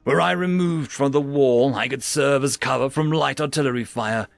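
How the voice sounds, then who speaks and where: A man's voice: medium pitch, normal speed, gravelly, no room sound, faint music behind. A man narrating a sci-fi story in a wry, theatrical storytelling manner.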